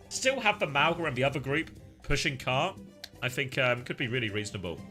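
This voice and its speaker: A man casting live esports, shifting between excitable play-by-play and chatty analysis full of fillers. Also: mid-range voice, fairly quick, faint music behind. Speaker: esports caster.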